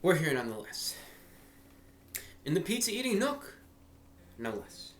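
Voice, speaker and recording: A man hosting a casual food review in a measured, formal way, a little out of breath. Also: high-pitched, sing-song, slight background noise. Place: small eating nook indoors. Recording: echoey room with faint ambience.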